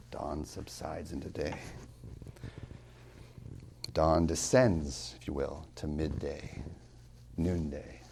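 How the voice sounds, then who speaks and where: A man teaching a class as a college tutor, emphatic, asking rhetorical questions and slowing down to stress key words. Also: low voice, gravelly, darkish tone. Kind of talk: classroom lecture on poetry.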